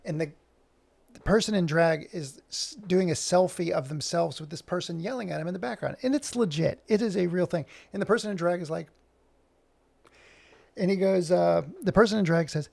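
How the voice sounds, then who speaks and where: A gravelly-voiced man talks casually while he works, rambling with plenty of fillers. His voice sits a bit above the usual male range. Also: sits high, normal speed, a little mellow. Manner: rambling, chatty, many fillers. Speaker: animator and vlogger. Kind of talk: casual chat while working.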